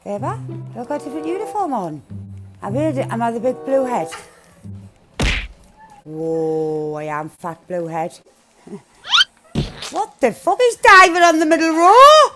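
A woman giving loud, excitable gameplay commentary, swearing freely, shouting and laughing. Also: sits high, unhurried, pauses often, music in the background. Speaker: gaming channel host.

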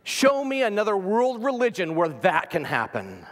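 A man preaching a sermon as pastor, earnest, sometimes dropping to a soft near-whisper for emphasis. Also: high-pitched, huge pitch swings, moderate pace, big-room sound.

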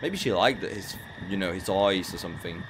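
A man's voice: low voice, expressive, normal speed, fairly bright tone, slight background noise. A frightened man, commentating as he plays a horror game, jittery and repeating himself when scared. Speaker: gamer playing a horror game. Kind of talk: nervous horror let's play commentary.

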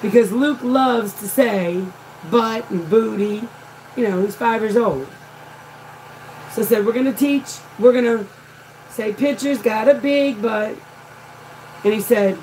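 Chatty woman telling a story, slow-paced. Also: a little high, darkish tone, slight background noise, low-quality recording. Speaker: softball coach and crafter. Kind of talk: chatty storytelling while crafting.

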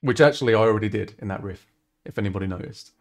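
A man's voice: fairly low pitch, very fast, loud music behind the voice. A man chatting casually on a live stream while working on a song, talking things through and poking fun at himself. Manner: chatty, self-deprecating, thinking aloud. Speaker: musician streaming his song production.

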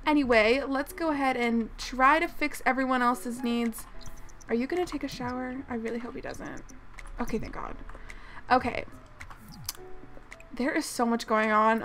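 A woman with a high voice gives chatty, excitable commentary over her gameplay. She gasps and exclaims often, and soft music plays underneath. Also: moderate pace. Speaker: gaming channel host.

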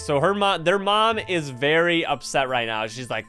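An excitable young man narrating a scary game as he plays, his voice sitting a little high. He jokes, reacts loudly and keeps the commentary rolling, with soft music underneath. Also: unhurried. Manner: excitable, jokey, exclaims often. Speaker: gaming video host.

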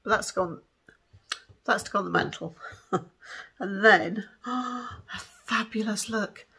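A tired woman, chatting excitedly to camera in a home vlog and giggling often. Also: medium pitch, slow, creaky, breathy edge. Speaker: vlogger. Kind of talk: casual chat to camera.

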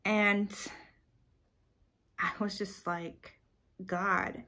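A woman podcast host telling a personal story in a chatty, animated way, with sighs and filler words. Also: medium pitch, measured pace.

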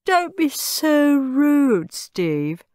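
A woman's voice: medium pitch, big pitch swings, slow, no echo, clean studio sound, voice pushed up. A woman voicing a rich, weary aunt who yawns and mutters. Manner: drowsy, muttering.

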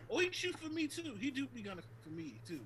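A man's voice: extremely high pitch, sing-song, quick pace, fairly bright tone, slightly rough. A man joking and teasing while playing an online party game over voice chat. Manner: playful, teasing. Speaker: player. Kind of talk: casual game banter. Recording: voice chat with other players audible.

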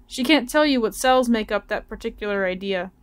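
A woman student reading a novel aloud in a steady, careful way. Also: on the high side, a little fast. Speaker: student reader.

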